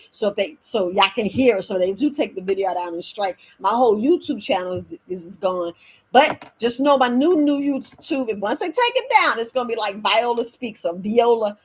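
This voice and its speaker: Husky-voiced middle-aged woman herbalist. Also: medium pitch. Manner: animated, preachy, addresses viewers as family. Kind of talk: casual live-stream talk. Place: at home.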